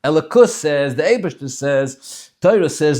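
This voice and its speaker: A man leads a religious text class with an emphatic, impassioned delivery. His voice sits fairly high and swings widely in pitch. He often stumbles back and repeats a word before driving his point home. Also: very animated, moderate pace. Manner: emphatic, impassioned, frequent restarts and repeated words. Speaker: Torah teacher. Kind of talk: animated lecture class.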